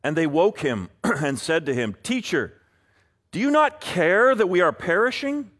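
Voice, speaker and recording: Earnest male preacher, slightly high voice. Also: big pitch swings, a little slow, a bit bright. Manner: earnest preaching, voicing prayers in a pleading tone. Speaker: pastor. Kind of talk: sermon.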